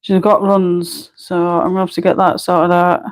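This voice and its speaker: A woman's voice: on the low side, little pitch movement, normal speed, poor audio. Chatty Barnsley woman, blunt and laughing. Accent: Barnsley Yorkshire. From Barnsley, England. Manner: chatty, blunt, laughs often, mild swearing. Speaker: colouring livestreamer. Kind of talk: casual live-stream chat. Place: at home.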